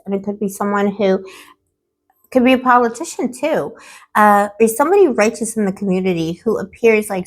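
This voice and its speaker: A woman with a hoarse, fading voice giving a tarot card reading, affectionate and playful, calling the viewer pet names with dramatic asides. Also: medium pitch. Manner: affectionate, calls the viewer boo-boo and baby. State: hoarse, losing her voice. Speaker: tarot reader.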